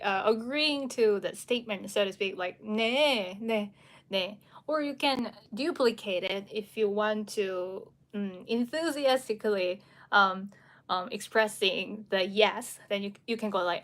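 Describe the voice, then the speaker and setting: A woman's voice: fairly high pitch, moderate pace, fairly bright tone. A woman teaching pronunciation on a live stream, patiently repeating syllables to demonstrate sounds and answering viewers' comments. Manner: frequent fillers and restarts, laughs lightly.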